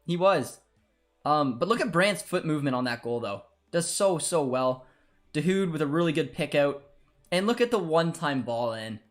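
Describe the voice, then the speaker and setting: A young man hosting a live football watchalong stream. He reacts loudly, laughing and cheering at goals and groaning at bad calls. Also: a little high, animated, normal speed.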